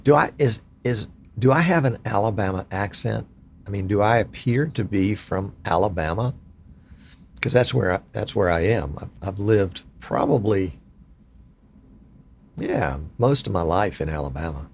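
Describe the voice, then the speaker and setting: A man's voice: on the low side, animated, moderate pace, gravelly, slight background noise. A man in his sixties, from Virginia, hosting a casual live stream and chatting with viewers in a folksy, chatty, self-deprecating way.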